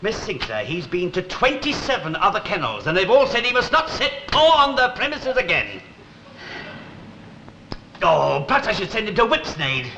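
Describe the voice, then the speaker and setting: A man's voice: high voice, huge pitch swings, moderate pace, bright, forceful tone, reverberant, slight background noise, exaggerated voice, low-quality recording. An actor playing an exasperated, put-upon man in a 1960s British sitcom, wry and blustering. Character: exasperated middle-aged man with an unruly dog. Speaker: Mister Hunt, sitcom lead.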